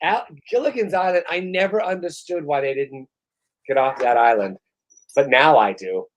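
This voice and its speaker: A man's voice: on the high side, normal speed, low-quality recording. A middle-aged man co-hosting a podcast, ranting in a casual, profane and exasperated way while worn out after a shot. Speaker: podcast co-host. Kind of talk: casual chat.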